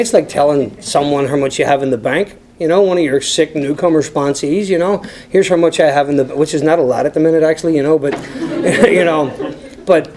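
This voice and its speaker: A man's voice: fairly high pitch, darkish tone. An Irish man speaking at a recovery meeting, telling his own story to the room and talking straight to the people listening. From Ireland. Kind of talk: personal story told to a group.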